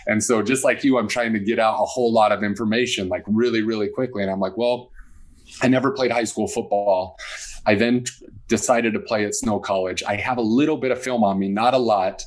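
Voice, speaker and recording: Lower-voiced man telling a story. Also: fairly quick. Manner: animated storyteller acting out quoted dialogue. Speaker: guest. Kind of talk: casual storytelling interview.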